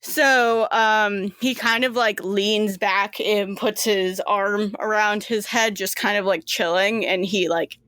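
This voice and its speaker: Woman gm narrating a tabletop game, slow and rambly. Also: mid-range voice, steady tone, a bit bright, no room sound. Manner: rambling, filler-heavy. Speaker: game master.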